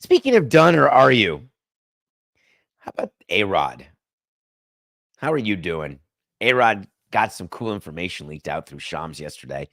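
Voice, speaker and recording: Very animated yet a little slow, this solo sports podcast host has a fairly bright voice with vocal fry and takes long pauses. He's chatty and wry, drifting between topics and lifting his pitch suddenly for emphasis. The recording is studio quality, with no echo.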